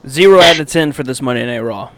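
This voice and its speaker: A man's voice: medium pitch, expressive, fast talker, a bit bright. A man hosting a casual podcast, talking in an upbeat, blunt way with frequent laughs. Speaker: podcast host. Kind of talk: casual wrestling review chat.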